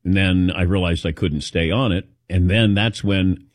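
Low-voiced man telling rambling stories. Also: fairly even intonation, normal speed, no room sound. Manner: rambling anecdotal storytelling. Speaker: host. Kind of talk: casual chat.

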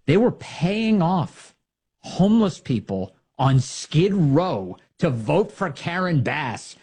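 Animated, sarcastic male talk host. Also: medium pitch, breathy edge. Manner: sarcastic and animated, mocking rhetorical questions. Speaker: political commentary host. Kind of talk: opinionated talk show monologue.

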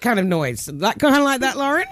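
A man co-hosting a radio show, bubbly and quick to laugh as he chats with callers. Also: very high-pitched, very animated, heavy background noise. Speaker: radio co-host. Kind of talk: casual radio chat with callers.

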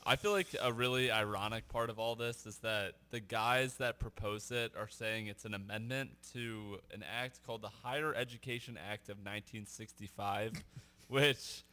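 A man's voice: on the low side, fairly even intonation, normal speed, bright, forceful tone. A man co-hosting a sports talk radio show, explaining points in an earnest way.

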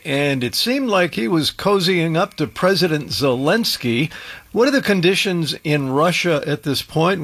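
A man hosting a news program, putting brisk conversational questions to a guest analyst. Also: on the high side, fairly bright tone. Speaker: news host.

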